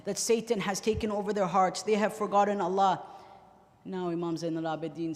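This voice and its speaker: A man preaching a mourning sermon, swinging between hushed recital and loud, emotional outbursts. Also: high-pitched, steady tone, a little fast, long reverb tail. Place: large hall.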